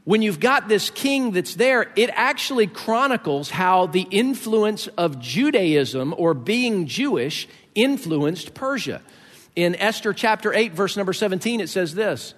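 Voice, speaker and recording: A man's voice: high voice, animated, measured pace, fairly bright tone. A man preaching a sermon, explaining scripture in a conversational way with joking asides to the congregation. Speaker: pastor. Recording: echoey hall.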